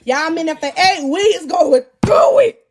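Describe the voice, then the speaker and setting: A young adult woman hosting a live podcast, telling a personal story to her audience in a slangy, animated way and often calling out to the crowd. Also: extremely high pitch, measured pace. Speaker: podcast host.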